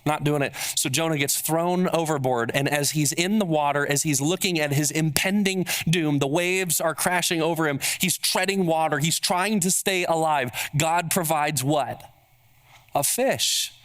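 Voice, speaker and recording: A man's voice: a little high, a little slow, a bit bright. A man preaching a sermon as pastor, emphatic and building on repeated rhetorical questions.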